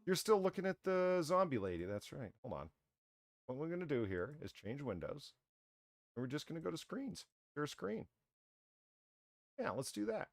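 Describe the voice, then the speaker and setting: A man running an online comedy show with a very animated voice that swings up and down as he tells stories. He laughs through his own lines and swears casually. The sound is dry and close on a computer mic. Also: a little high, moderate pace, creaky, pauses often, no echo.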